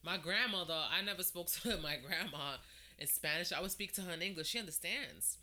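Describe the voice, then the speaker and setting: A woman's voice: lowish voice, brisk. A woman in casual chat, telling stories and acting out other people's voices. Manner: animated storyteller, acts out quoted voices.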